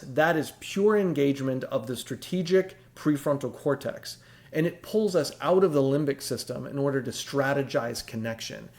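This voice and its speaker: A man's voice: mid-range voice, creaky. A middle-aged man hosting a reflective monologue, explaining ideas in an earnest, confessional way. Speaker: host.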